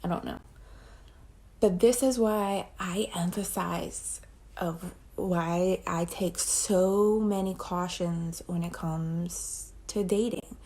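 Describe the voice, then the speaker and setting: A young woman tells a personal story straight to the camera. Her voice sits fairly low with plenty of gravelly fry. She rambles bluntly, swears freely and acts out the dialogue as she goes. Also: darkish tone. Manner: blunt, profane, rambling retelling with quoted dialogue. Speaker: storytime vlogger. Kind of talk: casual storytime.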